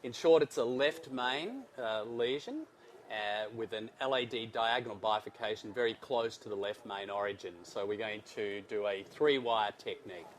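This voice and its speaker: Australian doctor narrating a live case. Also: male voice, lowish voice, normal speed, a little hiss or hum. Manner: self-deprecating, explanatory, frequent fillers.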